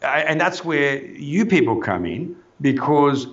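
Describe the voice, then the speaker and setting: A man's voice: on the high side, very animated, a little slow, muffled recording. A man, an orthodontist talking in a casual interview, enthusiastic and rambling, restarting his sentences and saying "you know" a lot. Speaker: orthodontist guest.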